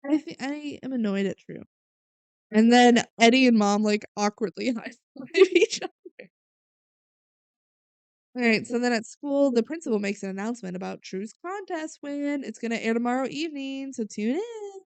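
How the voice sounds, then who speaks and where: Smooth-voiced woman podcast co-host. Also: on the high side, expressive, moderate pace, no room sound. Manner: retells scenes with filler words, often trails off quietly. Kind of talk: casual movie recap chat.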